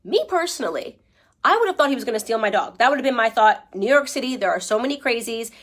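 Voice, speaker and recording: A young woman talks straight at her audience, emphatic and argumentative. Her voice sits on the higher side, and she keeps pressing with "okay?" as she lays out her case. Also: lively intonation, fast talker, a bit bright. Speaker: commentator. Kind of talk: opinionated commentary.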